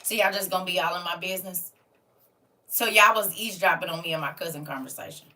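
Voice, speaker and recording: A woman hosts a casual livestream class, teasing and preaching to her chat in a sassy way with loud bursts of scolding. Her voice is fairly low and fast, and she sounds far from the mic.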